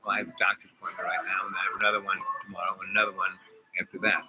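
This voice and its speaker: A man's voice: low voice, level tone, racing, background noise. A man vlogging to his viewers, telling a personal story in a rambling way, full of fillers and asides. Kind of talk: casual storytelling vlog.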